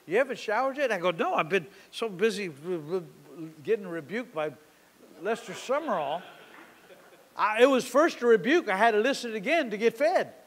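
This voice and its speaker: A man preaching a sermon as pastor, telling a story and acting out its dialogue with shifting loudness. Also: high-pitched. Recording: long hall reverb.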